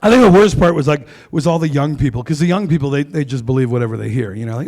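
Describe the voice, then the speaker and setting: Brash crude stand-up man, gravelly voice. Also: fairly high pitch, fast, few pauses, a little mellow. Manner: brash and crude, mock-outraged. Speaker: stand-up comedian. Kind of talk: stand-up comedy. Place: comedy club stage.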